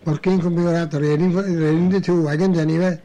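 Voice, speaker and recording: A man's voice: a little high, steady tone, quick pace, dark tone, muffled recording, slight background noise. An older man, telling rambling anecdotes in an oral history interview, chuckling and restarting as he goes.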